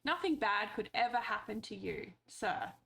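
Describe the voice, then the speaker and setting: Gravelly-voiced playful woman streamer. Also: mid-range voice, animated, moderate pace, bright, forceful tone. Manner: playful, chatty, talks to game characters, swears casually. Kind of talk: casual gameplay commentary.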